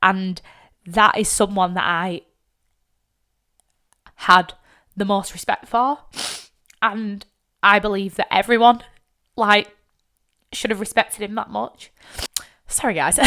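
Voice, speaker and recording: A woman's voice: medium pitch, fairly bright tone. A young woman, hosting a podcast, telling a personal story bluntly and with frequent swearing, tearful at times. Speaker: podcast host.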